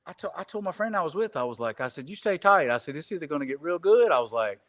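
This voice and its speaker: A man's voice: on the high side, big pitch swings, fast, fairly bright tone. A man telling a long casual story as a podcast guest, rambling and repeating "I said," swearing casually. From Greenville.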